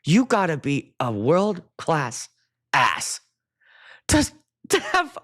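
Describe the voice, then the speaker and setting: A man's voice: a little high, huge pitch swings, takes it slowly, long pauses, a bit bright. A middle-aged man, a wedding DJ hosting his own show, ranting casually and profanely while chatting with viewers. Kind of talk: casual ranting livestream chat.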